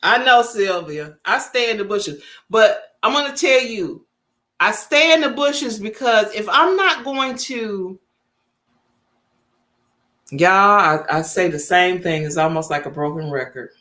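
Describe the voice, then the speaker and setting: A woman's voice: medium pitch, a little slow, bright, forceful tone. A woman, chatting casually with viewers as host of her livestream. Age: 50s. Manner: chatty, talks straight to viewers.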